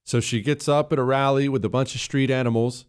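A man's voice: mid-range voice, fairly even intonation, brisk, smooth. A man giving political opinion commentary in a sarcastic, scornful way, hammering points through repetition.

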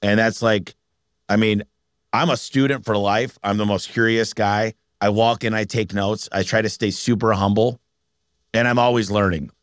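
A man, a business owner, telling stories in a casual interview, energetic and acting out the people he quotes. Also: on the low side, moderate pace, clean tone, dry recording, studio quality. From Michigan. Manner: energetic, animated storyteller who acts out quotes.

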